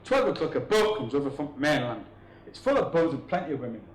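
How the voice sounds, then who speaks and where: On a comedy stage before a live crowd, a man with a fairly high, fast voice and wide pitch swings rattles off rambling, crude jokes, chuckling at his own punchlines. The echoey room fills with audience laughter.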